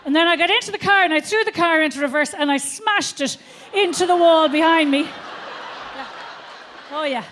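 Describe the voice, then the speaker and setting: A middle-aged woman with an Irish accent works a theatre crowd through a stand-up routine. Her voice sits high, and she tells the story with lively, foul-mouthed energy. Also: moderate pace, a little hiss or hum. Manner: animated, swearing storyteller. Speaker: stand-up comedian. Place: theatre stage before a live audience.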